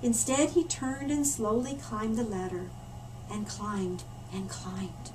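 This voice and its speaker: A woman storyteller reading a picture book aloud to children in a library, animated and stopping for asides to her listeners. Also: medium pitch, slow. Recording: distant mic with faint room noise.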